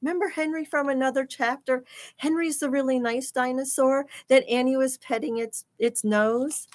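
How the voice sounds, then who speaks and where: In a high voice at normal speed, a woman reads a picture book aloud to kids as a lesson, defining words along the way and reacting to the pictures with animated gasps and exclamations.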